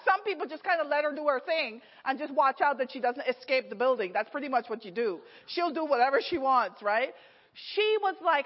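A middle-aged woman preaching a storytelling sermon, animated, laughing often and acting out the people in her story. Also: high-pitched. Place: church hall. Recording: echoey hall, slightly dull sound.

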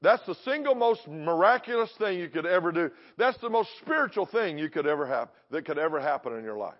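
A man's voice: fairly high pitch, very animated, fairly quick, few pauses. A man preaching a sermon to a church congregation, emphatic, repeating phrases and putting questions to the crowd. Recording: dull lo-fi recording.

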